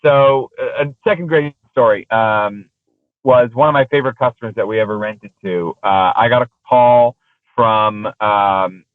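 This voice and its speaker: A man's voice: medium pitch, a little slow, no echo. A man, a guest on an interview show, telling casual business anecdotes in a rambling way, full of fillers and restarts. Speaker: interview guest, exotic car rental business owner. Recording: tinny phone line, dry.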